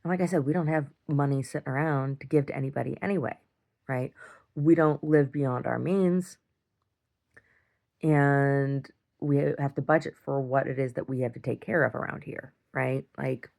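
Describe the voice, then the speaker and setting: A woman's voice: rumbling low, normal speed, gravelly, a little mellow. A middle-aged woman venting in a casual video diary, blunt and exasperated, swearing and repeating herself. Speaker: video diarist.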